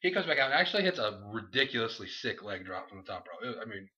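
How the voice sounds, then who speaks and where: A man co-hosting a casual comedy chat, recapping wrestling matches in a goofy, animated way. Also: lowish voice, fast. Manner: animated, breaks into goofy impressions and shouts. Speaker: podcast co-host recapping wrestling. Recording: lo-fi dull recording.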